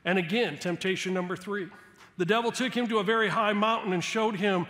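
High-voiced preacher in a reverberant church. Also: male voice, a little fast. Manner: emphatic preaching, rising loud on key points. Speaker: guest pastor. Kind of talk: sermon. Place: church sanctuary. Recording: long church hall reverb.

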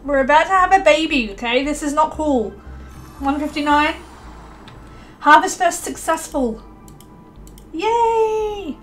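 A young woman casually commentating her life-sim gameplay, excitable and chatty, voicing her characters in quick asides. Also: high-pitched, faint music behind. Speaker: let's play host.

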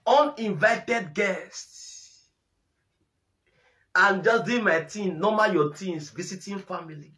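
A man's voice: high-pitched, sharp tone. A young Nigerian man giving mocking commentary on a video, laughing and repeating himself as he teases. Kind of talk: mocking commentary in Pidgin and English.

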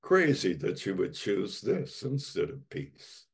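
Male pastor, husky, lively pitch swings; slow, emphatic sermon delivery. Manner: slow, emphatic preaching with dramatic repetition.

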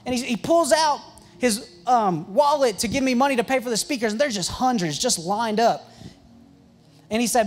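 A young man, a youth pastor, telling stories in an excitable, joking sermon full of quick asides and restarts. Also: extremely high pitch. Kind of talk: storytelling sermon.

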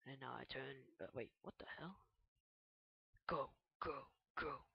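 A gamer giving casual gameplay commentary in a rambling, chatty way, yelping high when startled. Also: a little slow, creaky, slightly rough, no echo, muffled recording. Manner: chatty, rambling asides to viewers. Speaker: let's play gamer.

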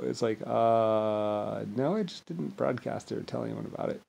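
Man, gravelly mid-pitched voice, rambling boastful monologue, mumbles low then bursts out loud. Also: animated, a little fast, few pauses. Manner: grandiose, rambling, mocks others with blah-blah voices. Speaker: vlogger.

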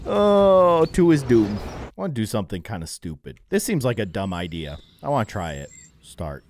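A man giving excitable, jokey commentary while playing a video game. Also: on the low side, normal speed, a little hiss or hum. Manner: excitable, jokey, yelps and laughs at the action. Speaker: gaming YouTuber.

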